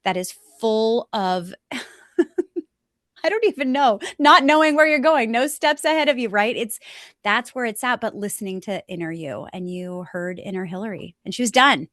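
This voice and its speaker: A woman's voice: mid-range voice, no echo, studio quality. A woman hosting a podcast interview, enthusiastic and affirming, often tagging her lines with "right?". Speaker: podcast host.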